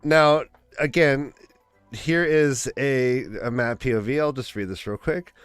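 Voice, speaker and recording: A man's voice: mid-range voice, a little slow, clean tone, dry recording. Easygoing man on a dry video call. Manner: rambling, easygoing, laughs often. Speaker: podcast co-host. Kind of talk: casual fan discussion.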